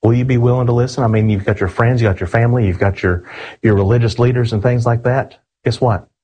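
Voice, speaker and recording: A man delivers a sermon in a husky, slightly breathy voice. He speaks earnestly and with emphasis, often calling his listeners friends. He slows down whenever he reads scripture aloud. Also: mid-range voice, steady tone, a little mellow, rough recording. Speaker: preacher.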